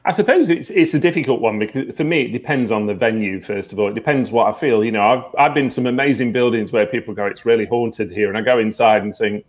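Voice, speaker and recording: A man, a psychic medium guest, telling stories earnestly in a relaxed interview, with many fillers. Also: mid-range voice, fast talker, few pauses. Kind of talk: conversational interview.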